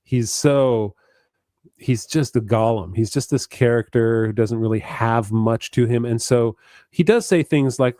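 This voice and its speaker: A man's voice: mid-range voice, measured pace, dark tone, no room sound, clean studio sound. A man co-hosting a podcast, talking eagerly about a book with frequent stammered restarts. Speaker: podcast co-host. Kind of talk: casual book discussion.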